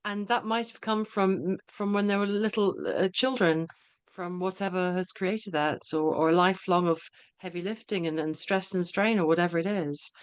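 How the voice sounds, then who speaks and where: A woman's voice: lowish voice, steady tone, normal speed, smooth, no room sound. Agreeable woman host with many fillers. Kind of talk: casual webinar chat. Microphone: video call.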